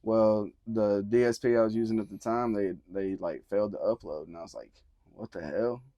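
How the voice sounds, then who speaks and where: A young man with a Southern accent, talking in a relaxed, drawling way as a musician guest in an interview. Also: fairly low pitch, fairly quick, dry recording. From Tennessee. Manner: laid-back, drawling, swears casually. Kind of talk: casual interview chat.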